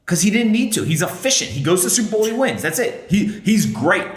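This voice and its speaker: A man's voice: sits high, very animated, fast. A man co-hosting a casual podcast, bantering playfully and sometimes mock-lecturing. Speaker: podcast co-host. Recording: roomy echo.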